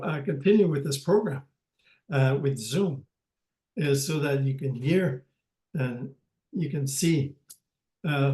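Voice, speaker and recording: An older man teaching a language lesson over a video call, speaking haltingly with many pauses and restarts. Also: medium pitch, dark tone, roomy sound, poor audio.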